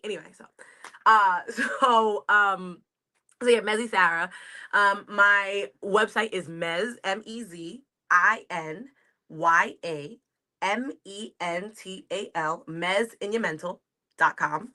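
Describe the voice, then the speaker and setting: Woman, New York accent, comedian guest, video call, rambling casual chat, bright tone. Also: medium pitch, slow. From United States. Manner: rambling, chatty, laughs easily.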